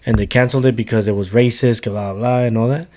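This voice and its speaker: A man with a mellow, rounded voice and a middle pitch, talking casually on a chat show. He swings between English and Spanish mid-sentence and swears freely. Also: fairly even intonation, quick pace. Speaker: podcast co-host.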